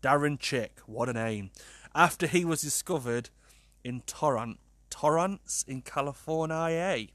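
A man hosting a podcast, reading odd news stories aloud in a casual, incredulous, animated way and swearing freely. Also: a little high, no room sound. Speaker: podcast host.

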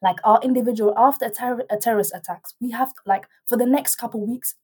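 A young woman, telling a story in casual chat as a guest, animated and rambling, with many restarts and quoted dialogue. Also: fairly high pitch, quick pace, husky.

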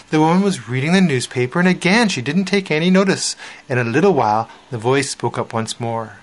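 A man reading a spooky children's story aloud on the radio, slow and expressive with dramatic pauses. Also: mid-range voice.

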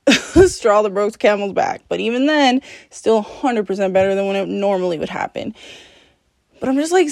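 A woman's voice: medium pitch, darkish tone. A woman hosting her own podcast, talking candidly and alone, swearing freely, mocking herself and laughing often. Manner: profane, self-deprecating, laughs often. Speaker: podcast host. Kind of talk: candid solo podcast monologue.

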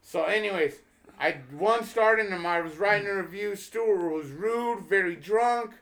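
A man's voice: high-pitched, normal speed. A man, a comedian guest on a podcast, telling a story in casual chat, swearing freely and acting out the dialogue he quotes. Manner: profane, animated, acts out quoted dialogue.

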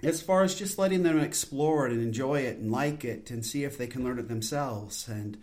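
A man's voice: medium pitch, normal speed, a little mellow. A man in his forties hosting a solo podcast, talking in an intense, earnest, rambling way with many restarts. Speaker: podcast host. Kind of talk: casual solo podcast talk.

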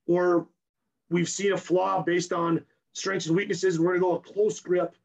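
A strength coach, a man, explaining his training program in rapid, technical detail in a podcast interview while hoarse from losing his voice. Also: high voice, little pitch movement, poor audio. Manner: rapid and technical, keeps tagging "right?".

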